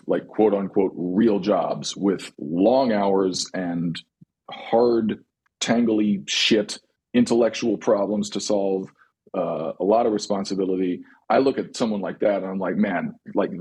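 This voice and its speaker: A very deep-voiced man with a rough, husky tone. He talks frankly in a loose roundtable chat and swears freely as he tells stories. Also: a little mellow. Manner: candid, profane storytelling. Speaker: drummer guest.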